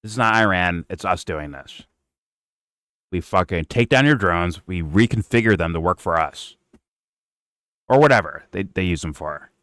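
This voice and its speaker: Deep-voiced man, mocking and profane. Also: expressive, moderate pace, long pauses, a bit bright, dry recording, studio quality. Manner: mocking, sarcastic, swears often. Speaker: reaction stream host. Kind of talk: casual profane commentary.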